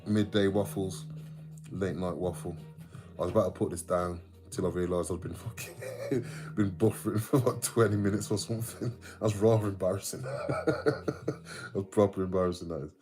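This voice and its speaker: Low-voiced Midlands man chatting on stream. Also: fairly even intonation, fairly quick, a little mellow, faint music behind. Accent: English Midlands. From English Midlands. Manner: chatty and rambling, sweary, laughs often, reads out viewer comments. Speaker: livestream host. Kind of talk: casual livestream chat.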